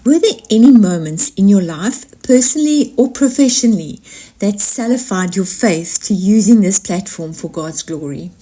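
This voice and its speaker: Mellow-voiced woman interviewer. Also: mid-range voice, expressive, moderate pace. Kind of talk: interview questions.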